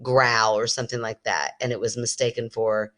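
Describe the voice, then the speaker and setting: Very deep-voiced skeptical woman. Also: flat delivery, normal speed, fairly bright tone. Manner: skeptical, jokey. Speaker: podcast co-host. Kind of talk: casual chat.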